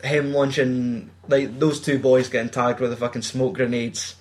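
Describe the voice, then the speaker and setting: A man's voice: medium pitch, flat delivery, moderate pace. Scottish man, casual sweary movie rant, rambling. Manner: sweary, rambling with many fillers. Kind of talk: casual film chat.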